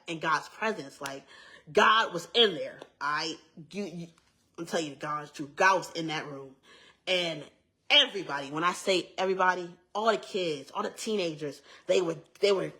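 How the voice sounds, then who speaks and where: A woman's voice: fairly low pitch, fairly bright tone. A young adult woman giving an earnest, emphatic personal testimony in a casual way, repeating herself and adding asides. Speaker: vlogger sharing a testimony.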